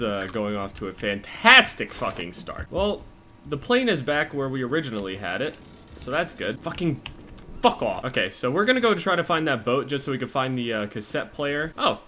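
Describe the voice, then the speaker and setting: A young man giving live gameplay commentary, cursing constantly and swinging from low muttering to panicked yells. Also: background noise. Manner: profane, excitable, jumps from muttering to panicked yelling. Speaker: gaming commentator.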